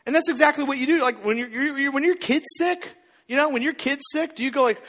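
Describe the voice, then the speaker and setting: High-voiced man preaching in a reverberant hall. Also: brisk. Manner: casual, joking, animated, acts out quotes. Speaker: pastor. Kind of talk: sermon.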